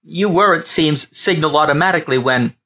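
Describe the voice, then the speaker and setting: A man's voice: fairly high pitch, a little fast, pushed and bright, pitched above the performer's own voice. A man voicing a nervous ship navigator in an audiobook, anxious and pleading. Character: nervous male ship navigator near tears.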